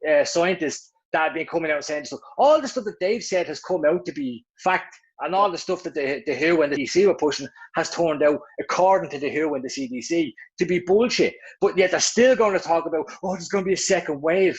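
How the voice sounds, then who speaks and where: A man's voice: a little high, animated, fairly quick, hardly any pauses, husky. An Irish man in his thirties co-hosting a podcast, rambling and chatty in casual talk. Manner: rambling, restarts, laughs at himself. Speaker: podcast co-host. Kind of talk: casual chat. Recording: dull lo-fi sound.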